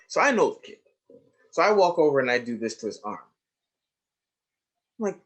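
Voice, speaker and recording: A man's voice: sits high, normal speed. A middle-aged man giving a webinar lecture to educators, telling classroom anecdotes in a conversational way and acting out the people he quotes. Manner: animated storytelling, acts out quoted students, drops to a hush for asides.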